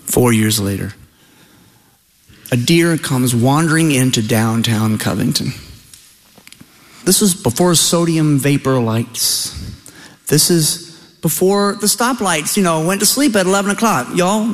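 Folksy Southern storyteller, ringing hall. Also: male voice, fairly high pitch, measured pace. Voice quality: folksy, animated, comic. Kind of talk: live stage storytelling. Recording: long hall reverb.

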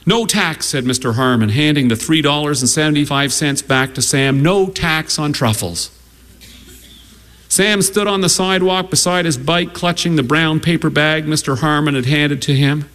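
A man reads a story aloud at a measured pace, gently humorous as he goes. His voice sits high for a man. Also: fairly even intonation.

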